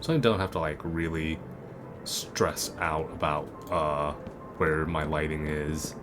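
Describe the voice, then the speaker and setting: A man's voice: a bass voice, fairly even intonation, slow pace. A man giving casual, rambling commentary while playing a video game, with lots of fillers and restarts. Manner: rambling, full of fillers and self-corrections. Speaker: gaming video creator. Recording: game music playing underneath.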